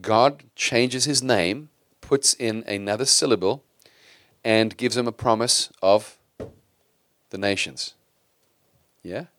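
A man's voice: fairly low pitch, slow pace, long pauses, fairly bright tone, no room sound. A middle-aged man preaching a sermon in a conversational style, asking his congregation rhetorical questions. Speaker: pastor.

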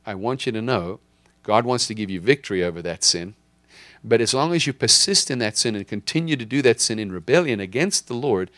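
Male pastor, low voice, dry sound, emphatic sermon delivery with repeated refrains. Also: fairly bright tone, no room sound. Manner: emphatic preaching, repeats key lines for the congregation.

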